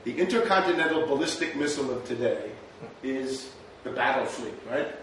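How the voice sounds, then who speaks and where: This history lecture comes from a man whose mid-range voice is animated and moves at normal speed. He keeps things conversational and rhetorical, often asking "right?", while the distant mic picks up a very echoey lecture room and faint noise.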